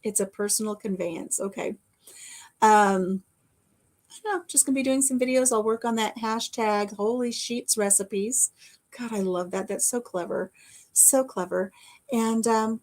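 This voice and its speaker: A woman's voice: on the high side, darkish tone. A middle-aged woman from the American Midwest talks with her viewers in a loose, homespun way. She rambles from topic to topic and stops to answer comments as they come in. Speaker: vlogger. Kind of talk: casual chat to a live audience.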